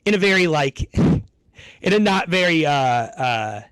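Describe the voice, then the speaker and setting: A man's voice: a little high, animated, unhurried, fairly bright tone, smooth, dry recording. A man streaming to his audience in rambling, laid-back casual chat, swearing freely.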